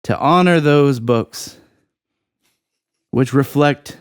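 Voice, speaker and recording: A man co-hosting a podcast, giving a mock-serious explanation in a dry, ironic, deliberate way. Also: medium pitch, clean tone, no echo. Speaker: podcast co-host. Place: podcast studio.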